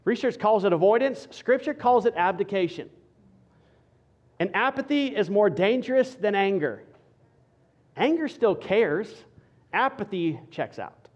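A male pastor preaching a sermon with an emphatic, repetitive rhetorical cadence that drops to quiet for stress. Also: high voice, animated, measured pace, pauses often, highs cut off.

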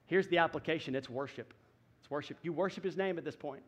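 A man with a fairly high, light voice delivers a sermon. He preaches in a relaxed, conversational way, full of folksy asides, and often drops to a soft murmur before lifting again. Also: quick pace, slightly rough, highs cut off. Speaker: pastor.

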